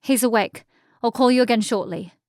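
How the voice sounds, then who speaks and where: A woman's voice: on the high side, brisk, a little mellow, dry recording, clean studio sound, lightly acted. A woman voicing a cold, cultured villainess and mother with an English accent, speaking in an icy, clipped way.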